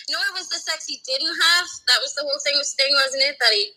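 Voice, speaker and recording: A woman's voice: high voice, moderate pace, pushed and bright, low-quality recording. A woman with a Geordie accent, chatting casually as a call-in guest with dry, wry humor. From North East England. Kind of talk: casual chat.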